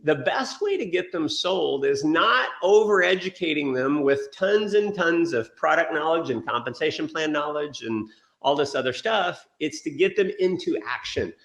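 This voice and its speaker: A man giving an energetic sales training talk, telling stories and acting out quotes. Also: on the high side, moderate pace, roomy sound. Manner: energetic storytelling with acted quotes. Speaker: motivational speaker.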